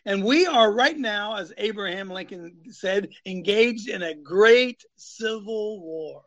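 A man's voice: high voice, animated, slow pace, a bit bright, lo-fi sound. A man preaching emphatically as host of a live talk show, repeating his points and calling on co-hosts by name. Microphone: phone.

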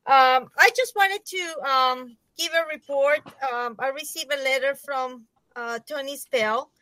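A woman calls in to a talk show to give an earnest report. Her voice is high and bright, she hesitates now and then, and the sound is dry and close. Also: a little slow, dry recording, rough recording. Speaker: caller. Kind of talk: call-in report.

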